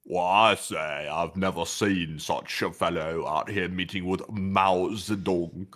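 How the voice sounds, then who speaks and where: A man doing an impression of a pompous, aristocratic elderly statesman, with a plummy, drawn-out delivery. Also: deep voice, steady tone, fairly bright tone.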